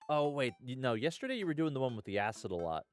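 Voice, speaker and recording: A man's voice: mid-range voice, big pitch swings, fast talker, soft background music. A man streaming live, chatting casually and rambling with viewers, dropping lots of "uh" and "hell yeah".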